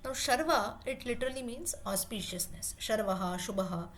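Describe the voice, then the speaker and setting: A woman leads a lesson, going over each word patiently and restating it in different ways. Her voice sits a little high, and a faint hiss runs under the recording. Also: expressive, a bit bright. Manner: patient, repeats terms and pauses to rephrase. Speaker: Sanskrit teacher. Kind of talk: explaining word meanings in a class.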